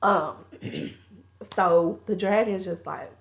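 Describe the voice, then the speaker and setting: A woman's voice: on the low side, slow pace, gravelly. Chatty woman recapping a movie plot. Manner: chatty, colloquial storytelling. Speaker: movie reviewer.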